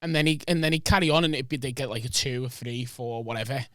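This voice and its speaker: A man's voice: medium pitch, fast, a bit bright, no room sound, clean studio sound. A man co-hosting a podcast in casual chat, talking loosely and swearing. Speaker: podcast co-host.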